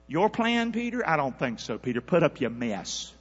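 A man's voice: on the high side, big pitch swings, moderate pace, slightly rough, big-room sound, dull audio. A preacher voicing Jesus as a blunt, scolding man. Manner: blunt, folksy street talk. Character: Jesus, a stern man scolding his friend.

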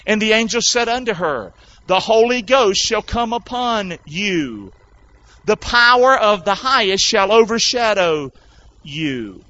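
Animated preacher man, high voice. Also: slight background noise. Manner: animated, emphatic, repeats words for effect. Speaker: pastor. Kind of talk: sermon. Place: church. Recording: dull lo-fi sound.

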